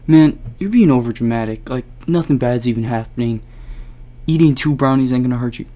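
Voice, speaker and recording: A man's voice: normal speed, creaky, lightly acted. A man voicing a laid-back young male friend who hosts a party and brushes off worries. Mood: dismissive. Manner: casual, brushing off worry, higher and louder.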